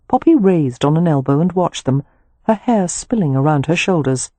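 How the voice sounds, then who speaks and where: A woman narrating an audiobook in a measured storytelling manner, recorded on a close mic. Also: low voice, lively intonation, mellow, slightly rough, dry recording. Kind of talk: scripted narration.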